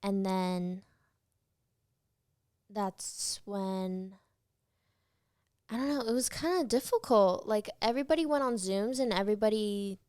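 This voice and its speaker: A teenage actress talks easily through an interview, rambling into anecdotes with plenty of "like" and "um". Her voice sits at a middle pitch, and the recording is dry and close with no room sound. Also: measured pace, pauses often, a little mellow, clear, resonant tone, no room sound. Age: late teens. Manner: chatty storyteller, many fillers. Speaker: guest actress. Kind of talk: casual interview chat.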